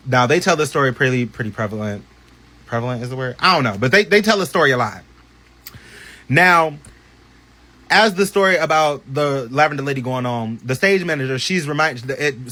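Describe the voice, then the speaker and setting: A man telling a personal story in a casual storytime vlog, animated and profane, with many chatty asides. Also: medium pitch.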